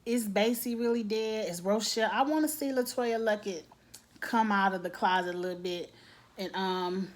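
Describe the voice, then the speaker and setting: A woman's voice: mid-range voice, moderate pace. A woman giving a casual, blunt TV episode recap, acting out characters' lines with lots of slang. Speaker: TV recap vlogger.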